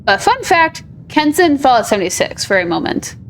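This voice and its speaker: A woman's voice: high-pitched, very animated, moderate pace, a little hiss or hum. A woman hosting a gaming video, chatting casually and upbeat over gameplay. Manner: chatty, upbeat, lots of fillers like "like".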